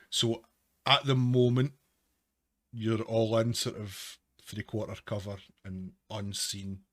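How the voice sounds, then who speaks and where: Low-voiced man running a tabletop game. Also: a bit bright, dry recording. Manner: loose descriptive narration, hedging words like "sort of". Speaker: game master.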